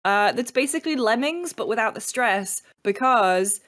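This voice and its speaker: A woman chatting as a podcast guest in a lively, loose way, swearing freely and pitching games with enthusiasm. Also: normal speed. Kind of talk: casual podcast chat.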